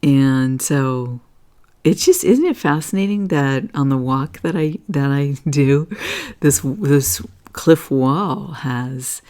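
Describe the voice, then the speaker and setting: A woman's voice: a bass voice, expressive, takes it slowly, mellow. A woman hosting an astrology and energy talk, rambling casually with lots of fillers and frequent "okay?" check-ins. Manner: earnest, gets emotional. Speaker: astrology and energy reading host. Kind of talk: casual spiritual talk over charts.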